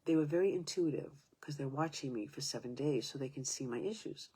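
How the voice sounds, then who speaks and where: Brief: woman, 70s, low husky voice, halting personal storytelling, breaks into whispers. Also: mellow. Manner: halting, restarting sentences, sometimes dropping to a whisper.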